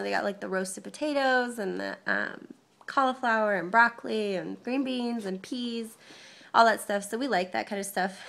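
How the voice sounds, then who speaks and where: A young woman records a casual update on her phone at home, her voice stuffy and congested from a cold. Her tone sits mid-range with a gravelly fry, and she wanders from point to point with plenty of ums and soft laughs. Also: medium pitch. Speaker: vlogger. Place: parents' house, indoors.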